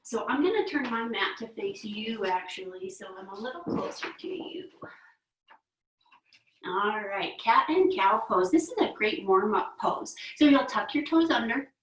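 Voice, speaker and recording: A woman's voice: fairly high pitch, animated, measured pace, a bit bright, distant mic. Young female kids' yoga teacher, playful and encouraging, echoey room. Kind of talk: guided kids yoga instruction. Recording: echoey room, away from the mic.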